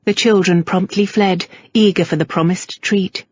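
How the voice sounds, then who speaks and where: Woman audiobook narrator, low-pitched, husky, measured read, dull dry recording. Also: fairly even intonation, a little mellow. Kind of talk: scripted narration.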